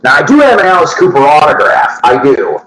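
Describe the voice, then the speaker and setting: In an echoey room with a noisy background, a man rambles casually to viewers of his record-collecting show. His voice sits a little high, swings hugely in pitch, and moves a little fast, and he swears and laughs at his own asides as he chats.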